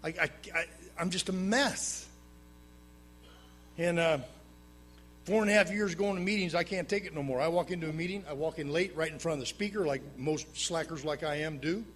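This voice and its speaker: A man telling his own recovery story to a live audience at a meeting, plain-spoken with dry humor, swinging between loud emphatic bursts and low hushed asides. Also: moderate pace, a little hiss or hum.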